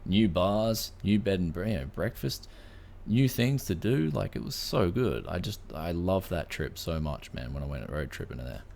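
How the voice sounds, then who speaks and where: Laid-back Aussie host, deep voice, easygoing tech chat full of "man". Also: lively intonation, normal speed, gravelly, a little mellow. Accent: Australian. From Australia. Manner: laid-back, says "man" often, many fillers. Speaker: podcast host. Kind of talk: casual tech podcast chat.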